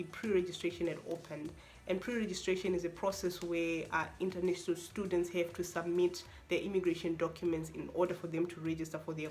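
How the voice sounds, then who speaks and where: A young woman, a university student, telling an expressive, exasperated story-time vlog with lots of repetition. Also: on the low side. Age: young adult.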